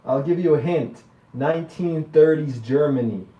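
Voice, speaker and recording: A man chatting with an AI in a deadpan, needling way. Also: on the high side, moderate pace, slight background noise. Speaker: user chatting with an AI. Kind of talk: deadpan trolling chat. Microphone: security camera. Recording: dull, roomy, distant security camera audio.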